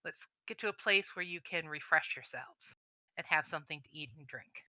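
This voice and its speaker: A woman voicing a courteous male reptilian sage who welcomes travelers and explains things calmly. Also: low-pitched, moderate pace, dry recording. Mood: welcoming.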